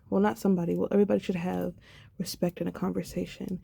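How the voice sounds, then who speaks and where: A woman's voice: medium pitch, flat delivery, quick pace, creaky, mellow, breathy edge, no echo. A sad, subdued young woman in a personal video diary, talking reflectively and rambling with many fillers. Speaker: vlogger.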